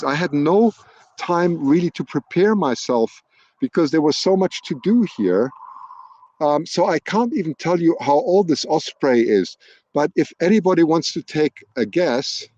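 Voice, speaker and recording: Outdoors on a hilltop, a man hosts a live wildlife stream, chatting and thinking aloud and often restarting his sentences. His voice sits on the high side and is a little mellow. Picked up by an external mic at a laptop, the recording is dry with the highs cut off.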